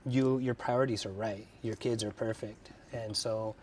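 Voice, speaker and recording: A man hosting a casual podcast at home over drinks, talking about racing in a relaxed, reflective way. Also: fairly low pitch, normal speed. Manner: relaxed, reflective, affirms often with "yeah". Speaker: podcast host and racer. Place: his house, over drinks. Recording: slightly distant mic with faint background noise.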